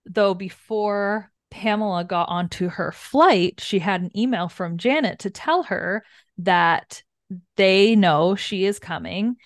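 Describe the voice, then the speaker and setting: A young woman co-hosting a book podcast, calmly recapping the plot in casual chat. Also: mid-range voice, slow pace, no room sound, clean studio sound. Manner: calm recapping, agreeable murmurs.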